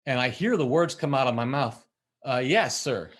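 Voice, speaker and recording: A middle-aged man, a musician and podcast guest, telling a story in a lively way and acting out the voices he quotes. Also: medium pitch, moderate pace. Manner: acts out quoted voices, laughs while telling. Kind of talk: animated storytelling in conversation.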